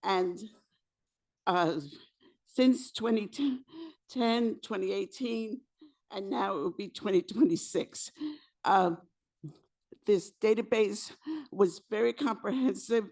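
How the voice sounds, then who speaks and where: A woman who is losing her voice, presenting to a community board as a housing committee co-chair, speaking haltingly with fillers and restarts. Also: mid-range voice, a little mellow. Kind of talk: public meeting presentation. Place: community board meeting room.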